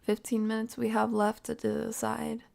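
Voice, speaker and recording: Gravelly-voiced woman streamer, whispery asides. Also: a little high, completely flat delivery, moderate pace. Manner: drops into soft whispered asides, frequent laughs. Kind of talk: live reaction stream commentary.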